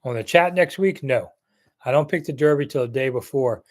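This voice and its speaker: Brisk and mid-range, a man's voice answers viewers on a casual sports live chat. He's in his sixties, from the Maryland area, and chats in a rambling way full of jokey asides.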